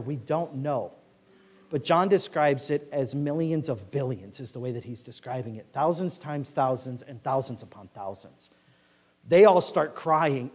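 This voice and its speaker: High-voiced preacher, loud and impassioned. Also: male voice. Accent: American Midwest. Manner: reads scripture in a loud rising voice, drops low for asides. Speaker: pastor. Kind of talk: sermon. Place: church sanctuary.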